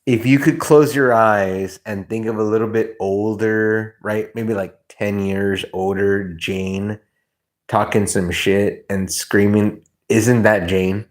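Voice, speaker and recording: A man's voice: lowish voice, steady tone, slow. A man hosting a livestream, chatting with viewers in a rambling, stammering way and swearing freely. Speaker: livestream host. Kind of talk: casual chat with stream viewers.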